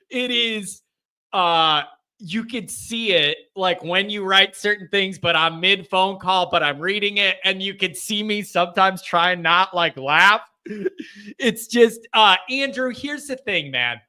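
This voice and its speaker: A man hosting a casual live call-in fan show, talking in an animated way and often laughing. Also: high voice, a little slow, smooth. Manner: animated, laughing, mocking chat comments in a shouted voice. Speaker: host of a fan call-in livestream.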